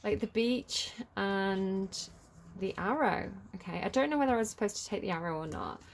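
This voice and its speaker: A woman's voice: medium pitch, moderate pace, slight background noise. Lady doing a tarot reading on camera, rambly and chatty, lots of ums. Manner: chatty and rambling, with many fillers and restarts. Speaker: tarot reader. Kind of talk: casual collective tarot reading.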